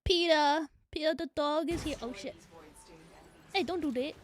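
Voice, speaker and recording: A young woman streaming, chatting casually in an excitable, profane way with frequent laughter. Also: sits high, moderate pace, dry recording. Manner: excitable, swearing, laughing often.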